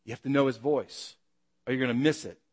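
A man preaching a sermon, asking the congregation rhetorical questions and acting out calls and shouts. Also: mid-range voice, steady tone, fairly quick, slightly rough, big-room sound. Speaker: pastor.

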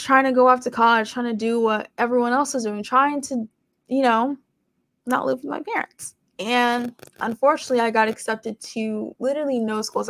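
Young woman with a gravelly, higher voice. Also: a bit bright, no room sound. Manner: conversational, rambling, with many fillers. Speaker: podcast host. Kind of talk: casual faith testimony.

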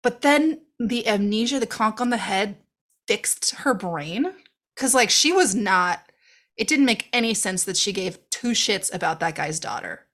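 A woman co-hosting a podcast, chatting casually about a movie in an animated way, swearing freely and slipping into quoted voices. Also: mid-range voice, unhurried. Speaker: podcast co-host. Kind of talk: casual chat reviewing a movie.

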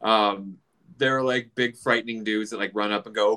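A man in his forties telling a casual story, animated, swearing freely and acting out other people's voices. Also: lowish voice, normal speed, smooth.

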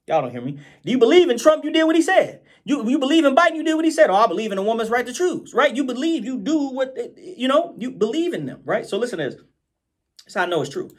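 A man preaching an informal Bible study with animated delivery. He keeps repeating phrases, asks his listeners "right?" and slows down when he reads scripture. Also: high-pitched, slightly rough.

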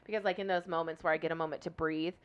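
A woman's voice: sits low, fairly even intonation, racing, smooth. A woman talking casually in a group podcast, chatty and blunt, swearing now and then. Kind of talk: casual chat.

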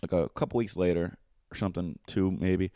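A man's voice: low voice, steady tone, brisk, mellow, dry recording, clean studio sound. A young man telling a long, rambling, profane story in casual chat, full of fillers.

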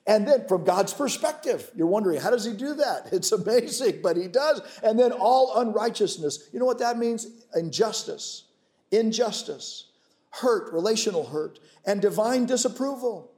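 A man preaching a sermon as a pastor, swinging from loud, emphatic declarations to hushed, intimate storytelling. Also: high-pitched, expressive, moderate pace.

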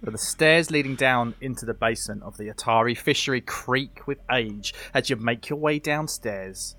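A man narrating a tabletop game as game master, animated and laughing easily. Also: mid-range voice, moderate pace.

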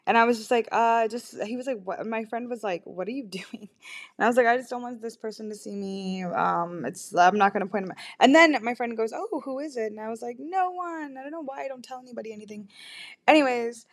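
A woman's voice: fairly high pitch, brisk. A young woman alone in her bedroom telling an anxious, rambling story into her laptop microphone, restarting sentences and stumbling over her words. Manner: anxious, rambling, self-interrupting with frequent restarts. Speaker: vlogger. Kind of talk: confessional storytime vlog.

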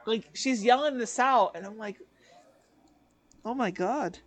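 A young man co-hosting a podcast, telling a workplace story in casual chat, lively and acting out what others said. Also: extremely high pitch, unhurried. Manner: animated, acts out quoted voices, laughs often. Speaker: podcast co-host.

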